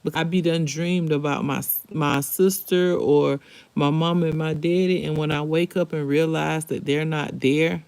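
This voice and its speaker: A woman's voice: low-pitched, fairly even intonation, unhurried, a little mellow, smooth, no echo. A middle-aged woman hosting a live stream, chatting candidly and emotionally straight to her viewers. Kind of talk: casual live-stream chat.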